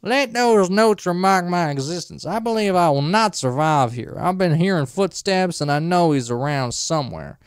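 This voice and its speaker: A man voicing a folksy, rough country man during gameplay, with an uneven put-on country drawl. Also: sits high, animated, moderate pace, hardly any pauses, dry recording, poor audio. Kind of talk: in-character gameplay commentary.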